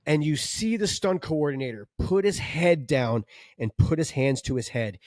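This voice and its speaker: A man co-hosting a podcast about stunt work, telling set stories in a casual, animated way, acting out what people said and swearing freely. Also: a little high, normal speed, no echo, clean studio sound. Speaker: podcast co-host, stunt performer. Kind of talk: casual storytelling chat.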